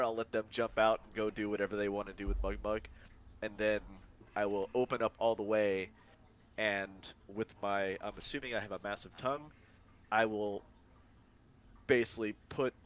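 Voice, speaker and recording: A man's voice: on the low side, a bit bright. A man playing a tabletop game, rambling and thinking aloud about his character's moves. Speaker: player. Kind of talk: casual tabletop play.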